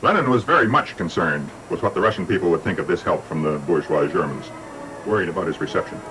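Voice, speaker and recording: An older man presenting a documentary in measured, scripted narration with dry, wry asides. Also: sits low, lively intonation, fairly bright tone, faint music behind, poor audio.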